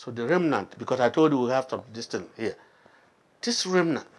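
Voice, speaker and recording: A man's voice: mid-range voice, expressive, moderate pace, slight background noise. A pastor from Nigeria, teaching an interactive sermon and quizzing his congregation with frequent questions. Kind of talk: interactive sermon, Bible study.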